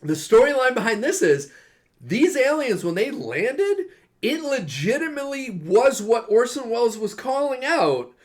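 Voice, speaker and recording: A man co-hosting a casual film review podcast, retelling scenes with animated delivery and casual swearing. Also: very high-pitched, moderate pace. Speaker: podcast co-host. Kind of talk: casual chat.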